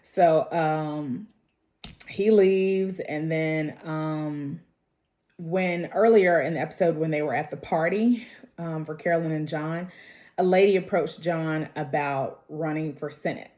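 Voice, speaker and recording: A woman's voice: sits low, slow, warm tone. A young adult woman casually recapping a TV episode, chatty and full of "like" and "you know," retelling scenes by quoting the characters. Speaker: show recap vlogger.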